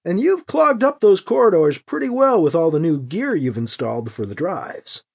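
An audiobook reader voicing a calm male team leader, firm and dryly joking, close to the narrating voice. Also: mid-range voice, normal speed, gravelly, husky, exaggerated voice. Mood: steady. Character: steady male fighter leader, calm and dry.

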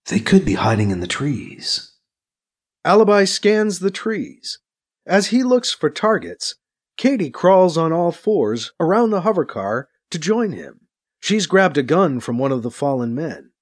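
A man's voice: high-pitched, unhurried. A man narrating an action scene in an audiobook, voicing the sound effects himself. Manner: animated, with voiced sound effects.

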